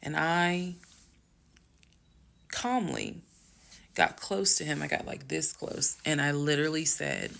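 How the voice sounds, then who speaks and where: A woman telling a dramatic personal story in an animated, emphatic way, talking straight to her viewers. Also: sits low, slow, creaky, long pauses. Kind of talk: casual storytime monologue.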